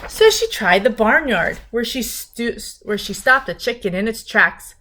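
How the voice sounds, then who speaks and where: A woman reading a picture book aloud to children, gently pausing to talk to her young listeners about the pages. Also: a little high, animated.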